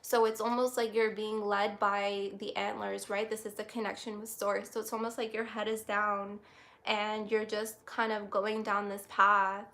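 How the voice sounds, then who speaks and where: A woman doing a tarot reading on a livestream, reflective and halting, close to tears. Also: mid-range voice, flat delivery. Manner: soft, reflective, halting with many restarts. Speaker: tarot reader.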